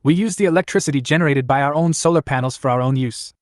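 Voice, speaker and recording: A man's voice: fairly high pitch, lively intonation, quick pace, dry recording, studio quality, voice pushed up. A man voicing a stern, sarcastic middle-aged mother.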